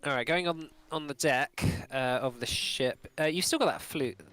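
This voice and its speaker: A man's voice: a little high, normal speed, fairly bright tone, soft background music. A man running a tabletop game as game master, narrating with many fillers and restarts.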